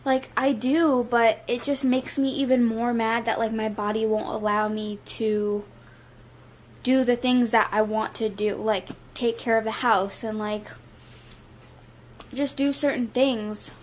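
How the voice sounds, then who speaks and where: Chatty young woman vlogging from home while feeling queasy, a bit high-pitched, light noise under the voice. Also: steady tone, measured pace. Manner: chatty, many "like" fillers. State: nauseous. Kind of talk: casual vlog. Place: at home with a baby.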